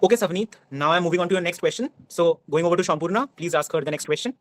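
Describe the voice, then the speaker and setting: Rapid-fire young Indian moderator, male. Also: on the high side. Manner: brisk, formal handovers. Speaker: quiz moderator.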